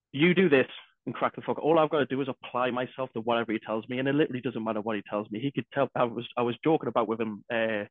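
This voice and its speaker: A man's voice: mid-range voice, no room sound. Swearing man on a tinny line. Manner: heavy swearing, energetic, restarts. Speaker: podcast co-host. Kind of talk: casual podcast chat. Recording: dry tinny phone-like sound.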